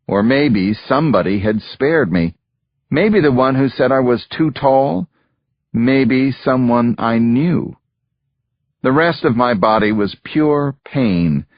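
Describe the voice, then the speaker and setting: A man reads an audiobook in the first person, slow and deliberate, with a grave, measured weight. His mid-range voice sits in a dry, close space. The sound is somewhat dull and muffled. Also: mid-range voice, dry recording. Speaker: audiobook narrator.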